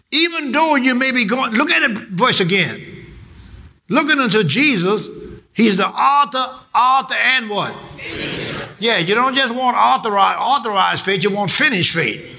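Pastor guy preaching, high voice, real bright and cutting, call and response, shouting out lines over and over. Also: expressive, measured pace, long pauses. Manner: repetitive, emphatic phrasing. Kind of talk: sermon.

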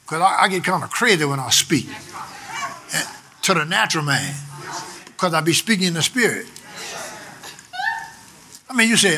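An older man preaching a sermon, shouting with emphasis and then dropping suddenly quiet. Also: on the high side, big pitch swings, moderate pace, pauses often, noisy background.

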